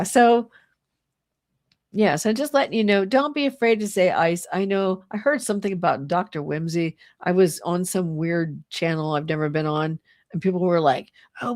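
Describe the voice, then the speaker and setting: A woman's voice: lowish voice, moderate pace, no room sound, clean studio sound. A middle-aged woman hosting a livestream, ranting casually and with exasperation, laughing often and mocking people in put-on voices. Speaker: livestream host. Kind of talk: casual political rant on a livestream. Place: home, fire going nearby.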